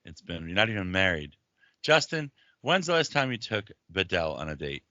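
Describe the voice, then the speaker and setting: A man hosting a podcast, telling stories in crude, profane, animated banter. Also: deep voice, normal speed, no room sound, muffled recording. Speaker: podcast host.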